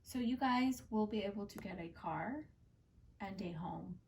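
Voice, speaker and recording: A woman's voice: mid-range voice, measured pace, a little mellow, recorded from a distance, slight background noise. A woman giving a casual, heartfelt tarot reading, chatty and full of fillers. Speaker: tarot card reader and channel host.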